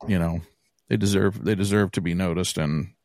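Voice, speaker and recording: A man with a very deep voice hosts a podcast over a remote call. The sound is dry and close, and he tells his stories in a quick, animated, profane way. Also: no room sound. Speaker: podcast host and musician. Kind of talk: casual chat.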